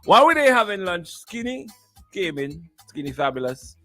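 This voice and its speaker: A man's voice: high-pitched, big pitch swings, normal speed, bright, forceful tone, soft background music. A man, hosting a morning radio show and telling stories in a teasing way, repeating himself and laughing often. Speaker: radio host. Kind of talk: animated morning-show storytelling.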